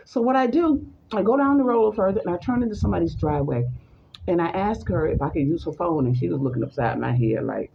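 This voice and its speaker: Woman storyteller, gravelly voice, acts out the voices she quotes, dull lo-fi recording with faint hiss. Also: fairly low pitch. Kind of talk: personal story told in conversation.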